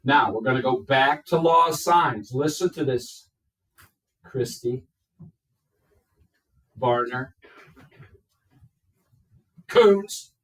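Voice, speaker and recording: A man's voice: mid-range voice, sharp tone. A man teaching a math class, explaining step by step and checking in with his students. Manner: slow, step-by-step, checks in with "okay?". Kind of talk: classroom lecture. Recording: echoey classroom from far off.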